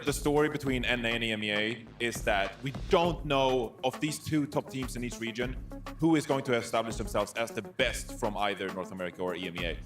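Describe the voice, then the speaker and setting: A man discussing esports on a broadcast desk, talking enthusiastically. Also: mid-range voice. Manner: fast, enthusiastic. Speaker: esports analyst.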